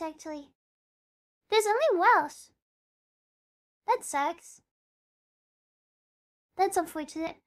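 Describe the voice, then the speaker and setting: A woman VTuber chatting casually on a live stream, bubbly and talkative, dropping playful meows between sentences. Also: very high voice.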